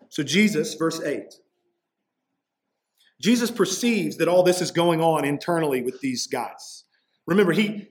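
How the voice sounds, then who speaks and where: A man preaching a sermon in a conversational way, often checking in with "right?" and acting out the people he quotes. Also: on the high side. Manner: conversational preaching, frequent "right?" asides, acts out quoted voices. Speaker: pastor.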